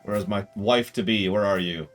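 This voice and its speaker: A man casually commentating a strategy game as he plays, joking and reacting out loud. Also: on the low side, normal speed, soft background music. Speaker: streamer.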